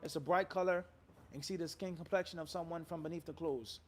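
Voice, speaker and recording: High-voiced emphatic male Muslim scholar. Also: steady tone, fast, slight background noise. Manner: emphatic, rhetorical questions, Arabic phrases. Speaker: Muslim scholar answering questions. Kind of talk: live Q&A sermon.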